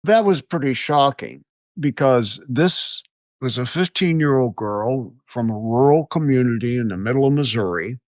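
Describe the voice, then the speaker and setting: A man's voice: medium pitch, no room sound, studio quality. An older American man, an exorcist guest, telling stories in an interview with frequent chuckles. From United States. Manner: animated storyteller, chuckles often. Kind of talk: storytelling interview answers.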